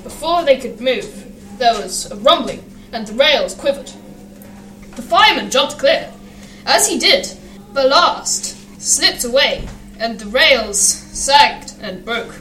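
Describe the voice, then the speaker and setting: A woman reading a children's storybook aloud in a lively, expressive way. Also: high voice, takes it slowly, reverberant, far from the mic, a little hiss or hum, rough recording.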